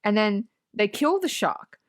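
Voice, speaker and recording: Animated, swearing woman recapping a movie. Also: mid-range voice, unhurried. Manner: sarcastic, swears a lot, recaps the plot. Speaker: podcast co-host. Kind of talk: casual movie review chat.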